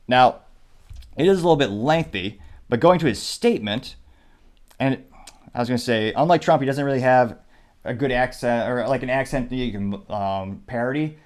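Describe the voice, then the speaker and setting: Male show host, mixed Midwest-Southern accent, measured explanatory political commentary, reads quotes aloud, mid-pitched voice. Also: a little mellow. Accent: mixed Midwest and Southern American. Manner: measured, explanatory, with frequent asides.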